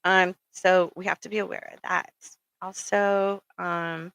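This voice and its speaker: A woman's voice: lowish voice, flat delivery, a little slow, gravelly, fairly bright tone, clear, resonant tone, no room sound, poor audio. A middle-aged woman giving rambling, casual spiritual advice, full of ums and checking in with "okay?". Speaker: spiritual speaker.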